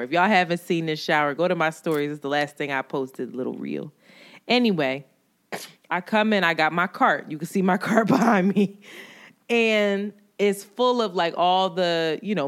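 Animated woman telling wild stories. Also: low-pitched. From New York. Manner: animated storyteller, swears freely, laughs often. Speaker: podcast co-host. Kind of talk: casual chat.

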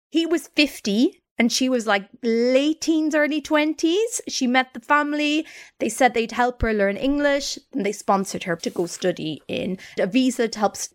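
A woman co-hosting a chatty podcast, animatedly retelling a story and slipping into quoted voices. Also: a little high. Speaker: podcast co-host. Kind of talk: casual storytelling chat.

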